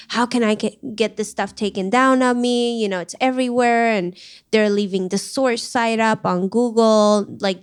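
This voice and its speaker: Candid woman guest with a clear voice. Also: medium pitch. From Iran. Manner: candid, halting, many fillers. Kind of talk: emotional personal interview.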